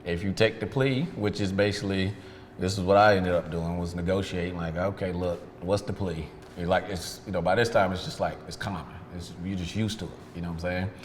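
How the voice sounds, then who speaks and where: In a sit-down interview, a man who runs a detailing business speaks quickly in a low, fairly even voice, frankly narrating his past with quoted lines of dialogue. The audio carries long reverb, faint background ambience, and a little hiss or hum.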